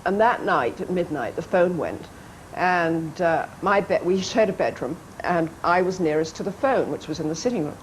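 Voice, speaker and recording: A woman's voice: on the low side, animated, normal speed, few pauses, rough recording. An actress being interviewed on a TV chat show, telling amused anecdotes and putting on little voices for the people in her stories. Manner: amused storytelling, playful quoted voices, light laughs. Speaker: actress and guest. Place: TV studio. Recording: archive TV broadcast with faint background noise.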